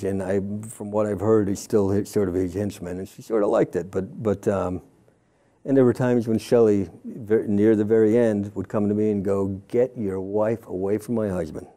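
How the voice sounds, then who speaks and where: A middle-aged man speaks in a low, mellow voice. He tells his story casually and frankly as an interview guest, wandering off mid-sentence and acting out other people's lines as he goes. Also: fairly even intonation, normal speed. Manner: rambling, self-interrupting, quotes others in passing. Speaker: former church member interviewed as guest. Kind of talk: candid conversational storytelling.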